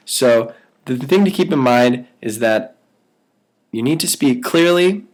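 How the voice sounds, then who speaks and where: A man teaches new callers how to work a phone script. He speaks at a steady middle pitch and slips into an upbeat, persuasive salesman's patter when he acts out the call. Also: moderate pace. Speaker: sales trainer. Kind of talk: training walkthrough with role-played sales calls.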